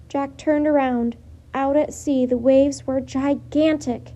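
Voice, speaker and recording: A woman narrates a children's story with lively expression. She has a high voice with a mellow, soft timbre. She reads steadily and keeps her listeners engaged. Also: a little slow.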